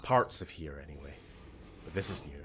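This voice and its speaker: A man's voice: extremely low pitch, animated, a little fast, bright, forceful tone, slight background noise. A man with a Scottish accent giving casual, rambling let's-play commentary, laughing often and talking to the characters on screen. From Scotland. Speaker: gaming channel host.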